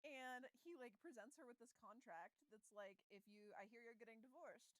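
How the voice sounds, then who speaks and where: High-voiced woman telling a story in casual chat. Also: normal speed, no echo, low-quality recording. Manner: animated storytelling, acting out quoted lines, laughing often. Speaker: podcast co-host.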